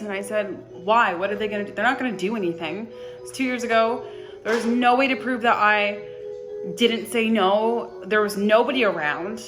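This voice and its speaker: Soft-spoken young woman telling a painful story. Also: mid-range voice, music in the background. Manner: halting, emotional, often soft and hushed. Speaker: vlogger. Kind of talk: personal confessional storytelling.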